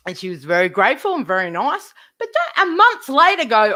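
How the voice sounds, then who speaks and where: A woman's voice: a little high, huge pitch swings, brisk, hardly any pauses, sharp tone. Indignant swearing woman streamer. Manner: indignant, swears heavily, repeats herself. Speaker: live streamer. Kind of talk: profane ranting to stream chat.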